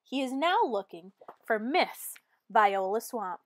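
Expressive woman reading a storybook aloud. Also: on the high side, takes it slowly. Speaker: teacher reading a picture book aloud.

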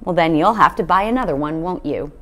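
A woman's voice: fairly low pitch, animated, fairly quick, sharp tone. A woman reading aloud voices a bad-tempered, bullying middle-aged father who snaps and sneers. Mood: sneering. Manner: snappish and scornful.

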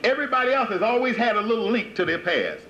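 Lively, high-pitched man preaching. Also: quick pace. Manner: emphatic, repetitive rhetorical questions. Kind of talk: sermon-like lecture to followers. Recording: dull lo-fi 1980s tape with faint hiss.

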